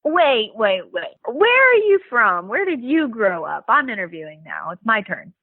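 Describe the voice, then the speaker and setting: A woman in her twenties, a guest on a podcast, telling stories in a bubbly, animated way and laughing often. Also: fairly high pitch, moderate pace, dry recording. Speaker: guest, Olympic pole vaulter. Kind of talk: casual interview over a phone line. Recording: tinny phone line.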